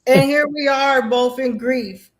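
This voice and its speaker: A woman, a veteran guest, earnestly sharing personal stories in an animated way, often restarting her sentences. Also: sits high, slow pace. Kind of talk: casual personal storytelling.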